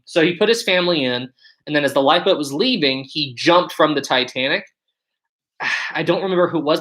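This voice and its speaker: A man's voice: mid-range voice, a bit bright, poor audio. A man in his twenties hosting a casual livestream, upbeat and chatty, answering viewer questions and thanking his audience. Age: 20s. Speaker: livestream host.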